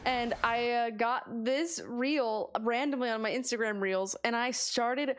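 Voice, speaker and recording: A woman's voice: on the high side, measured pace, slight background noise. A woman streamer chatting casually as she reacts, giggling often and swearing freely.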